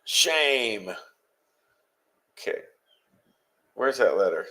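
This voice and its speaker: A man hosting a live-stream talks straight to his chat in a blunt, heated way, swearing freely. His voice sits in an ordinary middle pitch, and his delivery is casual and conversational, with no polish. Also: normal speed. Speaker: podcast host.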